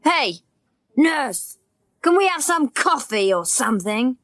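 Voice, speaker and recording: A bossy, condescending male manager of a pop star barks orders in a slow, fairly high voice, as a woman reads him for an audiobook. He is impatient with everyone around him. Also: big pitch swings, a bit bright, dry recording, full character voice. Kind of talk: graded reader audiobook.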